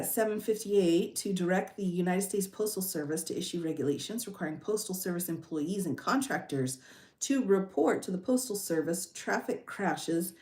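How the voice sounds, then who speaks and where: A woman's voice: lowish voice, a little mellow, roomy sound. A woman hosting a casual livestream, reading bills aloud and reacting to them with chatty asides. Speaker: legal commentary host.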